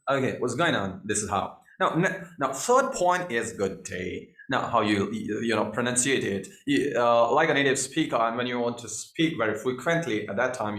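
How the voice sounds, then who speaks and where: A man's voice: on the low side, a bit bright. A man teaching a spoken lesson, repeating phrases and filling gaps with "you know". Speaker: English teacher. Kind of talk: online spoken English lesson. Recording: echoey room.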